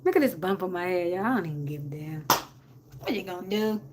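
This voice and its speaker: A woman's voice: lowish voice, animated, fast, background noise. A woman from City, chatting casually on a livestream with her viewers and her dog. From Jersey City, USA. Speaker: livestream host. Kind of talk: casual live-stream chat.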